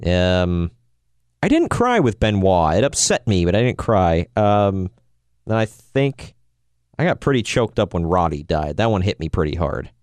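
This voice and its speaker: A man's voice: deep voice, very animated, a little slow, darkish tone, dry recording. A man co-hosting a podcast in casual chat, jokey and teasing, laughing often. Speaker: podcast co-host.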